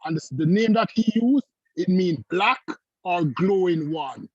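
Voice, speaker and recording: Husky Caribbean man, high and quick. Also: animated, a little mellow, no room sound. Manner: quick, earnest speaking. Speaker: call-in guest. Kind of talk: prepared statement on a livestream. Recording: dry, dull remote audio.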